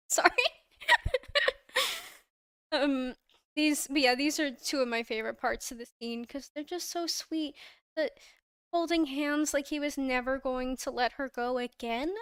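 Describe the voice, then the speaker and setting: A woman's voice: sits high, unhurried, pauses often, a bit bright, no room sound, clean studio sound. Bubbly woman gushing on a livestream. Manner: gushing and giggly, frequent laughs and restarts. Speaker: livestream host. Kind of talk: casual fandom chat on a livestream. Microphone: own microphone, close.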